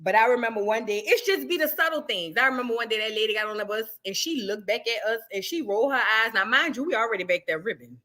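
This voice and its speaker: New woman hosting a livestream, high voice, animated storytelling. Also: quick pace, hardly any pauses. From New Orleans, USA. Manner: chatty, animated storyteller with slangy asides. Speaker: livestream host. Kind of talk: casual livestream chat.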